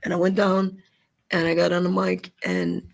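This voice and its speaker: A man's voice: high voice, moderate pace, gravelly. A middle-aged man, a comedian, telling jokey stories about his life in a casual studio interview. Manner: joking, animated, profane. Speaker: comedian guest. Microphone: large studio microphone.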